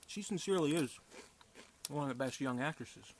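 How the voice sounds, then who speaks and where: A man's voice: fairly high pitch, lively intonation, a little fast, a little hiss or hum. A young man giving a casual, unscripted film review, rambling and hesitant, with many fillers and restarts.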